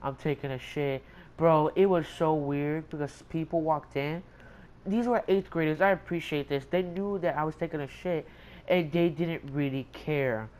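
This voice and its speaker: A man's voice: fairly high pitch, normal speed, darkish tone, poor audio. A young man telling a rambling, profane story in casual slangy chat.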